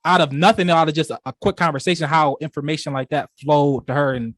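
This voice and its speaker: A man's voice: a little high, fairly even intonation, quick pace, no echo, studio quality. A young man co-hosting a casual podcast, telling a long personal story in a rambling way, with lots of restarts and "you know". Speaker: podcast co-host.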